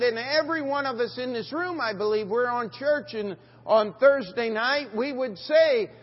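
A man's voice: very high-pitched, lively intonation, unhurried. A man preaching a sermon in a church, asking the congregation questions and reading scripture aloud in old-fashioned wording. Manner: reads scripture aloud in King James wording. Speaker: pastor. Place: church sanctuary. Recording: dull church recording with long reverb.

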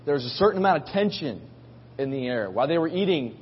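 A man's voice: on the high side, lively intonation, fast, slight background noise. A man preaching a sermon as a pastor, telling the story in a casual, folksy way and acting out voices. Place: church. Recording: muffled recording in a reverberant hall.

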